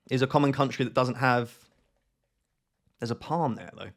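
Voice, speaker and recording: A man talking through a game as he plays, reasoning out loud and asking himself questions. His voice sits at an ordinary middle pitch for a man, in a casual, conversational delivery. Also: expressive, a little slow, pauses often. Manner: thinks aloud, questions himself. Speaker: gaming channel host. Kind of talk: live gameplay commentary.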